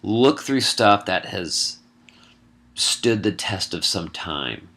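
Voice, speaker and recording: A man's voice: fairly low pitch, animated, sharp tone. A middle-aged man, a college English instructor, casually walking students through an essay assignment with wry asides. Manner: casual, wry asides, lists points briskly. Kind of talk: recorded lecture explaining an assignment.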